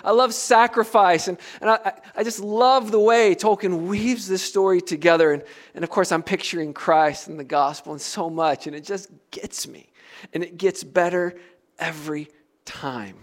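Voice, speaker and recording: A middle-aged man from the United States preaching a sermon, earnest and emphatic, with soft dropped asides. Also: high-pitched, moderate pace. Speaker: pastor.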